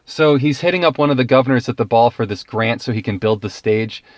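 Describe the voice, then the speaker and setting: A man's voice: mid-range voice, a little fast, no echo. A man giving a casual, ranting film review, exasperated and profane, laughing often.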